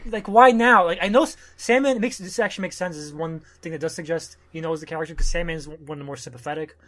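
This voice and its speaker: A man co-hosting a casual podcast, making quick, sarcastic comments about a comic. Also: a little high. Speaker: podcast co-host. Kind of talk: casual comic-book discussion.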